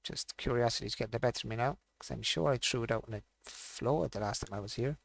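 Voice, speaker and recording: Gravelly man muttering through a stream. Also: mid-range voice, quick pace. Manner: muttering to himself, thinking aloud. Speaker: gaming streamer. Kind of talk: casual live-stream commentary.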